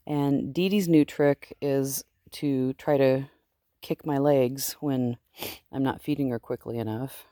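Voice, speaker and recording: A woman's voice: rumbling low, steady tone, measured pace, mellow, dry recording, studio quality. A woman sheep farmer chatting casually outdoors in her sheep pen, cooing baby talk to her animals in between. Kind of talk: casual vlog talking to animals.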